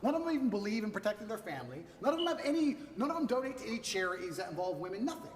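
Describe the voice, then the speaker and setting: A man's voice: high voice, very animated, very fast, echoey room, big-room sound, distant mic, a little hiss or hum. A man giving an interview, boastful and emphatic, hammering his points in short repeated lists. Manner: emphatic, repetitive punchy lists. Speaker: interview guest.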